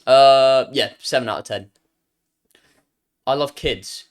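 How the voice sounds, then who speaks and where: A man's voice: mid-range voice, slow. A young British man streaming live, reacting to chat with jokes and playful banter, often trailing off and restarting his sentences.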